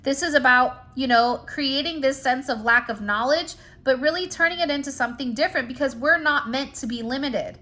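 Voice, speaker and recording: A woman with a high, bright voice gives a spiritual reading straight to her viewers. She is chatty and emphatic and uses plenty of casual fillers. The tone is conversational and encouraging throughout. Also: brisk, hardly any pauses. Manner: chatty, emphatic, addresses viewers directly with "like" and "you know". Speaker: spiritual card reader. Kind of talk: direct-to-camera spiritual reading.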